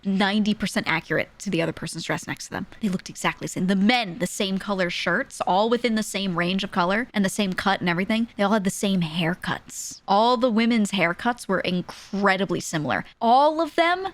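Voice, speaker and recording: A woman's voice: medium pitch, brisk, hardly any pauses. A woman streamer telling a story casually, laughing often between lines, candid and swearing freely.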